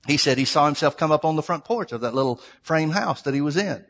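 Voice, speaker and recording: Male pastor preaching, storytelling, gets loud then drops quiet, slightly high voice, big hall echo. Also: animated, fast talker. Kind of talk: sermon. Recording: long hall reverb.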